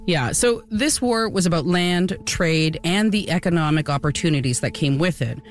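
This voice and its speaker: A woman's voice: lowish voice, expressive, moderate pace, soft background music. A woman co-hosting a casual history podcast, explaining events with a few fillers. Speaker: podcast co-host.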